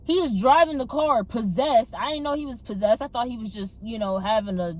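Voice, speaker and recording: A young woman casually telling her personal testimony to her viewers on a phone camera, animated and talking straight to them. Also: on the high side, brisk. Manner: animated, addresses viewers as y'all. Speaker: testimony vlogger.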